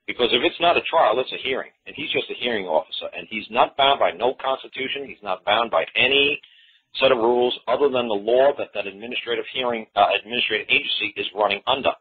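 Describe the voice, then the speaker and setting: A man's voice: medium pitch, fast, husky. Emphatic man on a tinny phone line. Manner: rambling, emphatic, repeats phrases, mimics others. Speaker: talk show guest explaining common law. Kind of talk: casual phone-in radio talk.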